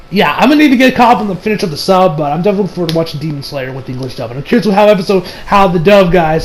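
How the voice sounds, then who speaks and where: Rambling young man with a high voice. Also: rough recording. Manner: rambling, filler-heavy, laughs often. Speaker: anime reviewer. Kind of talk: casual episode recap.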